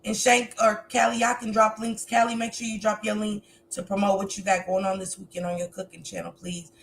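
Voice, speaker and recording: Here the woman's pitch is medium and her delivery flat and fairly quick, over a slight hiss or hum. She is a livestream host, mother of a grown son, preaching emotionally straight to her audience in casual commentary.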